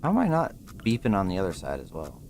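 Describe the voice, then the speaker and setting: Low-voiced young man thinking aloud while gaming. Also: huge pitch swings, fast, background noise. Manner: slangy, thinking aloud, swearing casually. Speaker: streamer. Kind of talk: casual gameplay commentary.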